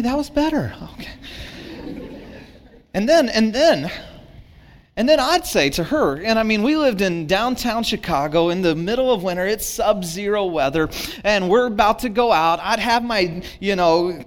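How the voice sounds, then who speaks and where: Animated man preaching a sermon. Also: sits high, moderate pace. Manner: animated storytelling, acts out both sides of arguments. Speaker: pastor.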